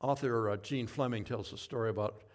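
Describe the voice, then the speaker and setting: A man giving a sermon as pastor, telling stories in a relaxed, folksy way with asides and self-corrections. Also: mid-range voice, fairly quick.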